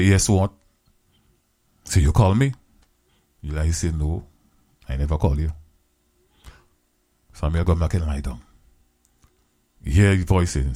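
Preaching in a lower voice, a man retells a Bible story in simple, creole-tinged English. He leans on repeated phrases and quotes scripture in a slow, drawn-out way.

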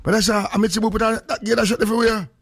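A man's voice: sits high, fairly even intonation, rapid-fire, a bit bright, breathy edge, dry recording, studio quality. A man with a Jamaican accent hosting a casual morning radio show, joking in heavy patois and greeting listeners. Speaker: radio host.

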